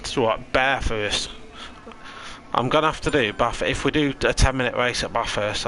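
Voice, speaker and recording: Gravelly, bright-toned streamer. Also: male voice, lowish voice, steady tone, moderate pace, soft background music, rough recording. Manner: chatty, rambling, reads chat aloud. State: tired. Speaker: sim racing league commentator and streamer. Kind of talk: casual live-stream commentary.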